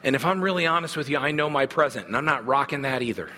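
Bright-voiced man preaching in a hall. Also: medium pitch, expressive, fast, slight background noise. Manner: earnest, conversational preaching with restarts. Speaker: pastor. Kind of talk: sermon.

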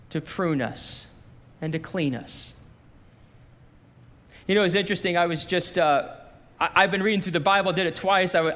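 A pastor delivers a sermon to his congregation in a loose, conversational style, slipping into quoted voices along the way. His voice is high for a man and a bit bright, with long reverb from a large hall.

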